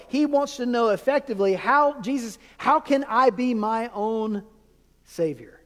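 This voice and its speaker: A man with a high voice preaches a sermon, leaning on rhetorical questions and pausing for effect. His words ring out with a long hall reverb. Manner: emphatic preaching with rhetorical questions and dramatic pauses. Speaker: pastor.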